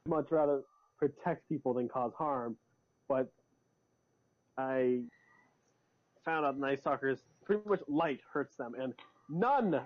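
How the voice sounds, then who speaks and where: A man's voice: medium pitch, takes it slowly, long pauses. A man playing a tabletop role-playing game, talking casually in a rambling, hesitant, jokey way. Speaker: player. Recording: lo-fi dull recording.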